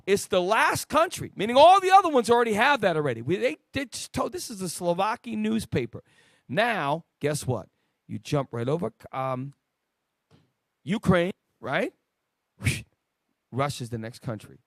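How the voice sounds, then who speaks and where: A man leading a preaching Bible lesson, emphatic and swinging between loud and quiet. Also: sits high, very animated, moderate pace, dry recording, studio quality. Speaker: lead teacher of a Bible study show.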